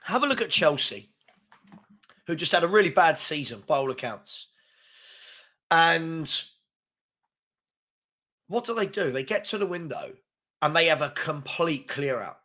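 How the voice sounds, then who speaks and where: A man's voice: fairly high pitch, expressive, a little slow, pauses often, bright, forceful tone. A man hosting a casual live-stream chat, frustrated and rambling, reading out viewer comments as he talks. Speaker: host.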